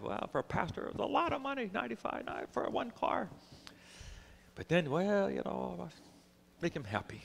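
A male pastor tells a story in an animated way during a sermon. His voice is high and gravelly, with a sharp brightness. A long reverb trails after each phrase. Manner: animated, acts out the characters in the story.

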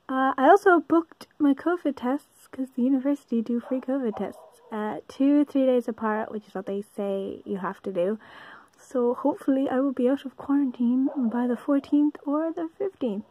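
A woman's voice: fairly high pitch, dull audio. A young Irish woman in her twenties chatting to camera from her bed, rambling and self-deprecating with lots of fillers. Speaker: vlogger. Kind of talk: casual chat to camera. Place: bedroom, in bed.

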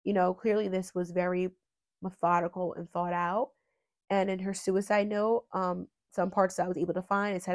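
A woman's voice: fairly low pitch, flat delivery, moderate pace, darkish tone. A woman hosting a true crime channel, talking earnestly and with emotion, at times holding back tears and rambling with fillers.

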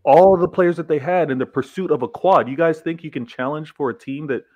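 A man's voice: fairly high pitch, brisk, a little mellow, dull audio. A man arguing his point in a casual football debate, repeating himself and laughing at times. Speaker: football pundit.

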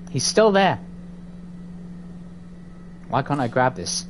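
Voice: medium pitch, noisy background. Jittery, swearing horror-game player. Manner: profane, taunting, jittery. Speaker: gamer playing a horror game. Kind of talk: let's play commentary. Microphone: desk microphone.

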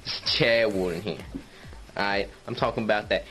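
A man's voice: on the low side, fairly even intonation, moderate pace, fairly bright tone, natural voice. A man doing a comedic impression of a brash, cocky gamer personality in a swaggering, slangy voice. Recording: faint music bed behind.

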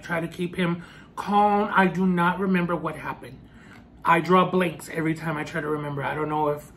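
A man vlogging a personal storytime as he eats, earnest and halting, with many restarts. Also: on the high side, a bit bright, slight background noise. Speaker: food vlogger. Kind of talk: storytime while eating.

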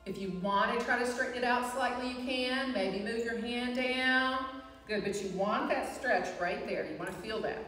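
A woman instructor guiding a live chair yoga class, with calm, encouraging cues and frequent reminders to breathe. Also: fairly high pitch, normal speed, recorded from a distance, soft background music. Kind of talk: live guided fitness class. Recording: echoey hall, voice from afar.

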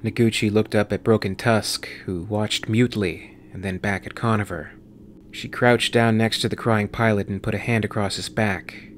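A man narrating a sci-fi horror audiobook with steady, measured reading. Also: fairly low pitch, a little hiss or hum. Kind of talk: scripted narration.

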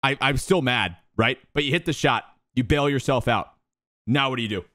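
A young man coaching viewers over gameplay, profane and exasperated, repeating words rapid-fire. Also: mid-range voice, pushed and bright, no room sound. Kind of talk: live gameplay coaching commentary.

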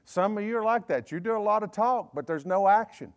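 High-voiced Southern preacher man. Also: lively intonation. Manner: folksy, joking preaching with quick asides and laughs. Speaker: bishop preaching. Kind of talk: sermon. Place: church service.

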